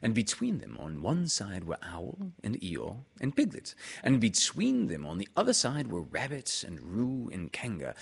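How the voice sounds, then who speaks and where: A man reading a children's storybook aloud, unhurried and expressive. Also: mid-range voice, creaky, husky. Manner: slow, expressive read-aloud.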